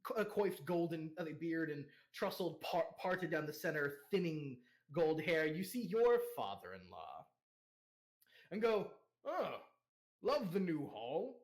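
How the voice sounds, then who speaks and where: A man's voice: a little high, sing-song, a little slow. A young man narrating as game master, rambling with fillers and laughter.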